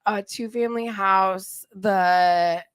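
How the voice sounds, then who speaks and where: A raspy-voiced young woman, a guest on a podcast, arguing bluntly in heated casual talk. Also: mid-range voice, fairly even intonation, slow, dry recording, studio quality. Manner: blunt, argumentative.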